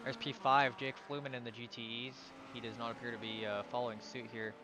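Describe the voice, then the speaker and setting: A man's voice: medium pitch, level tone, fairly quick, noisy background. A man giving live commentary on an online sim race, calling out positions and sometimes stumbling over drivers' names.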